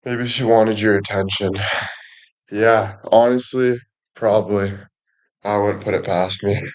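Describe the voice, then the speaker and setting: A man's voice: lowish voice, fairly even intonation, a little slow. A man chatting casually as a streamer, rambling along with heavy swearing and plenty of filler words. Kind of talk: casual chat.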